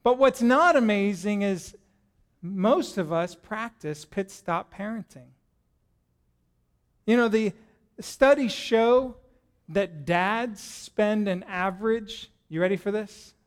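A middle-aged man preaching a sermon to a congregation in a church, lively and joking as he talks to them directly. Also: sits high, slow, clean tone. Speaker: pastor.

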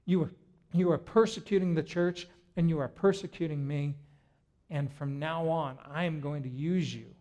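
A man voicing Jesus as a calm, grave man speaking from heaven in a quiet, measured way. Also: a little high, lightly acted. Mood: solemn.

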